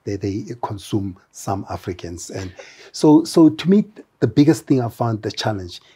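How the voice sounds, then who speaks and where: A man being interviewed as a guest, talking in an animated way with many hesitations and restarts. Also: fairly low pitch, normal speed, husky. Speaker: interview guest, brand founder. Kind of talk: conversational interview.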